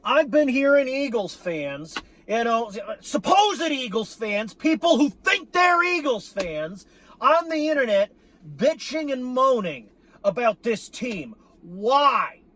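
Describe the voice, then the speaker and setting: A man's voice: very high-pitched, big pitch swings, slow pace, pushed and bright, slight background noise. A man venting in a profane, exasperated monologue about his team, sarcastic and repeating himself for emphasis. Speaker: sports fan vlogger.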